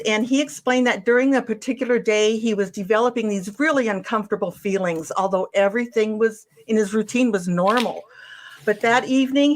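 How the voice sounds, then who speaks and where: Woman walking through a case. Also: fairly high pitch. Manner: recounts a witness account step by step, with frequent restarts and ums. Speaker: UFO case investigator presenting a case. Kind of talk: case presentation to a host.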